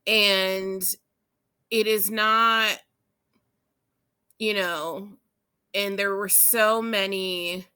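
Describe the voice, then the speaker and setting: A woman co-hosting a casual sports chat, speaking slowly and deliberately. Her voice is bright and sharp, earnest and opinionated. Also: mid-range voice, clean tone. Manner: earnest, opinionated, laughs easily. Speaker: podcast co-host.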